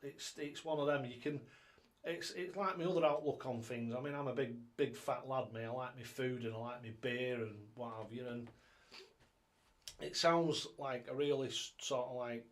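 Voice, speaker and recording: A man's voice: mid-range voice, moderate pace. A man hosting a casual live stream, rambling along in a chatty way and greeting viewers by name, recorded on a tablet at home. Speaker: live-stream host and darts coach.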